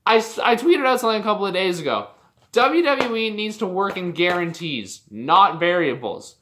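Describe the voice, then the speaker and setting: Heated, foul-mouthed Canadian vlogger with a bright voice. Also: mid-range voice, animated, normal speed, slight background noise. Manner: heated, profane, exasperated ranting. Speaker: wrestling commentary vlogger. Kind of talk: casual opinion rant.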